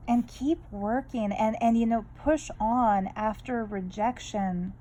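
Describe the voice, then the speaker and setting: A chatty woman talks through her art in a loose, rambling way, wandering off on tangents as she draws. Her voice sits a little high and sounds mellow and soft. She comes across as candid and unpolished. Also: takes it slowly, a little hiss or hum, poor audio. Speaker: art vlogger. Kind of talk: casual draw-along chat.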